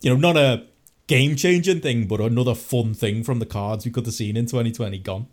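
A man co-hosting a wrestling podcast, ranting in sweary, animated casual chat. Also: medium pitch, a little fast. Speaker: podcast co-host.

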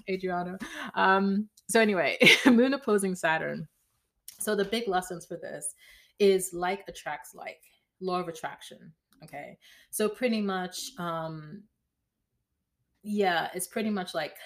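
A woman hosting a podcast in a casual, chatty way, often checking in with "right?". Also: on the low side. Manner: chatty, tags lines with "right?", slangy. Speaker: podcast host. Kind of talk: casual astrology chat.

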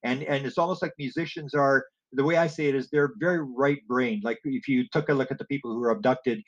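A man's voice: medium pitch, steady tone, fairly quick, a bit bright, muffled recording. A man telling long rambling stories in an interview, acting out the exchanges he quotes, with frequent restarts. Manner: digressive storyteller, acts out quoted exchanges, many restarts. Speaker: guest telling stories about music and alien experiencers. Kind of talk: rambling anecdotal interview talk.

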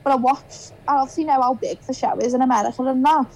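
A young woman from Liverpool speaks in a broad Scouse accent, her voice sitting high. She chats in a relaxed podcast style and slips into quoted dialogue as she tells her stories. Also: fast, low-quality recording. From Liverpool, England. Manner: chatty, animated storytelling, acts out quoted dialogue. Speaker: guest. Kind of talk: casual podcast chat.

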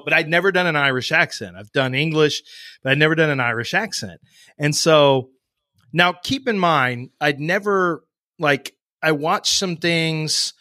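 A man's voice: a little high, sharp tone, dry recording, studio quality. A man co-hosting a podcast in casual chat, telling stories and often trailing off mid-sentence. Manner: chatty storyteller, trails off and restarts. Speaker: podcast co-host.

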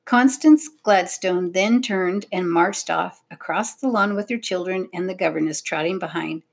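A woman's voice: fairly low pitch, vocal fry. Woman narrating a children's story. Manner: expressive, measured storytelling. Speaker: audiobook narrator.

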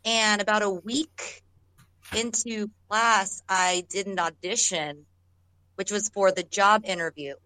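An actress guest in an interview tells stories casually and ramblingly, often restarting sentences and laughing as she goes. Her mid-range voice is bright and forceful, with fairly even intonation and an unhurried pace. The audio quality is poor.

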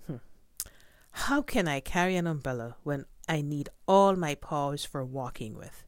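A woman voicing a boastful, hungry male tiger in a children's storybook reading, with a drawn-out growling manner. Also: low-pitched, lively intonation, a little mellow, dry recording, studio quality. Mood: scheming.

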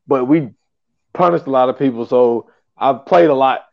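A man's voice: mid-range voice, normal speed, vocal fry, dull audio. A man hosting a podcast in casual chat, rambling and filling with "you know what I'm saying.". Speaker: podcast host.

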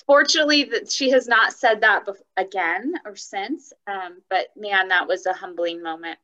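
A woman co-hosting a casual chat, telling a story about her child with lively energy. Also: mid-range voice, normal speed. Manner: animated storyteller. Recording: dull lo-fi sound.

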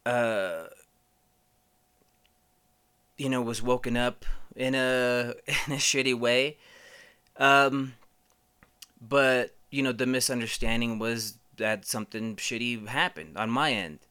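A man's voice: mid-range voice, a little slow, pushed and bright, smooth. A man hosting a podcast, telling rambling stories casually, swearing a lot and using many fillers. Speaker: podcast host. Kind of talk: casual storytelling.

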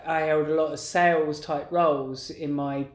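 A man's voice: a little high, level tone, moderate pace. Middle-aged male co-host, casual and rambling, recorded in an echoey room. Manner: rambling, many restarts and "like"s. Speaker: podcast co-host. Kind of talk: casual conversation. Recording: roomy echo.

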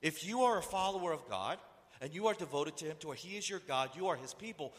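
A man's voice: a little high, expressive, fast. A man preaching a sermon who keeps asking the listeners rhetorical questions. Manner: rhetorical questions, acts out voices. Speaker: pastor. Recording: echoey hall reverb.

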